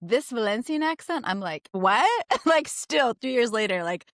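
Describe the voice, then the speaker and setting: A woman from the United States hosting a podcast interview, chatty and relaxed, with a lot of "like". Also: a little high, moderate pace, dry recording, studio quality. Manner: chatty, lots of "like" and restarts. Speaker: podcast host. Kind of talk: casual interview.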